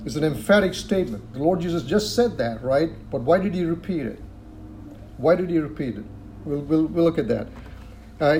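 A man's voice: fairly high pitch, dark tone. A man teaching a sermon, reading scripture aloud and explaining it, who repeats phrases for emphasis and asks rhetorical questions. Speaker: preacher.

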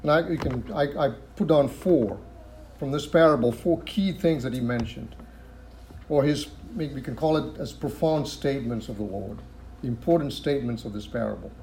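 A man's voice: medium pitch, normal speed, vocal fry, a little mellow, a little hiss or hum. A man teaching a sermon, reading scripture aloud and explaining it, who repeats phrases for emphasis and asks rhetorical questions. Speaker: preacher.

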